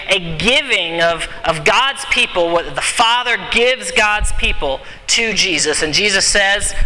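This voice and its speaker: A man delivers an earnest sermon in a slightly high, very bright, forceful voice, repeating key phrases for emphasis. The sound rings with a long hall reverb. A faint hiss sits underneath. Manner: earnest, repetitive emphasis, drops to a whisper on quotes. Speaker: preacher.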